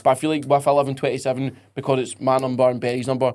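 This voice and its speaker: A man's voice: mid-range voice, flat delivery, darkish tone. A young Scottish man, a barber, telling anecdotes in casual chat and acting out quotes. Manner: rapid anecdotes with acted-out quotes. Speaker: barber, podcast guest.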